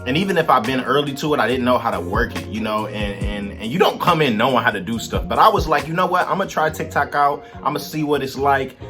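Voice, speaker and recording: Give me a relaxed, chatty man answering fan questions over background music. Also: medium pitch, fast talker, few pauses. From Detroit, Michigan, USA. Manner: laid-back, slangy, chatty with viewers. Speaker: musician and content creator. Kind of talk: casual Q&A vlog.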